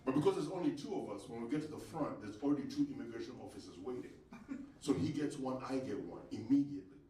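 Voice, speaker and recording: A man from Uganda, performing a live stand-up set of conversational stories that burst into yelled punchlines. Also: medium pitch, expressive, fast. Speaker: stand-up comedian. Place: theatre stage with live audience. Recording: echoey theatre, distant mic, audience laughter.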